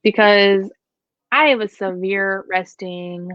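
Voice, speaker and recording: A woman's voice: medium pitch, steady tone, slow, no echo. A woman dog trainer hosting a casual Q&A chat, talking in a frank, blunt, joking way. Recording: dry, dull lo-fi sound.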